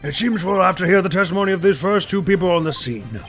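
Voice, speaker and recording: A man's voice: high-pitched, lively intonation, fast talker, fairly bright tone, faint music behind, voice pushed up. A man voicing a fussy older male courtroom judge, speaking formally for a video game. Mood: puzzled.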